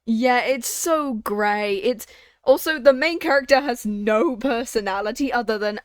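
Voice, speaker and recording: A woman's voice: on the high side, a little slow, smooth, dry recording. Chatty young woman streaming a game. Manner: chatty, swearing, sarcastic asides. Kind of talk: casual let's-play commentary.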